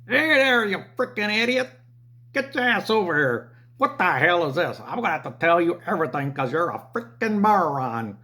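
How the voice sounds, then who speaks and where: A man putting on a high, brash voice to play a rude, profane male customer from New Jersey. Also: very animated, normal speed, pushed and bright, full character voice. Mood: abusive.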